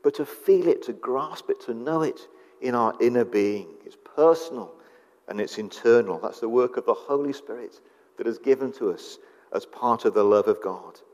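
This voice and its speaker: A man preaching a sermon, slow and earnest, leaning into pauses. His voice sits at an ordinary middle pitch. It rings out with a long reverb, as if from a church sanctuary. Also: a little mellow.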